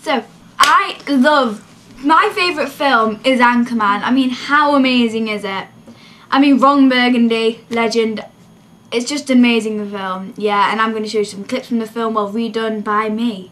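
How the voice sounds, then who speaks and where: High, bright giggly girl vlogger. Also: moderate pace. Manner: giggly and playful. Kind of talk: casual chat with a friend.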